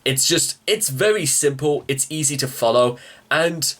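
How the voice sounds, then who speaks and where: In his music reaction video, this man's slightly high, animated voice comes out in stop-start bursts with many restarts while he searches for the right words. He addresses the audience as ladies and gentlemen.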